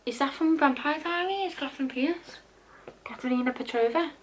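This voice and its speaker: This young woman, a book vlogger, has a high voice and speaks at a moderate pace while casually discussing the books she has yet to read. Dramatic asides and casual swearing run through her chat, and there's a little hiss or hum on the audio.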